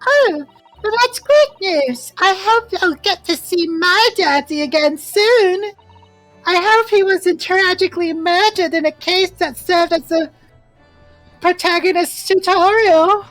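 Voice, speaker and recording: A woman's voice: extremely high pitch, slow, soft background music, voice pushed up, exaggerated voice, poor audio. A woman voicing a sweet, cheerful young girl with a chirpy manner. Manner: chirpy and bright.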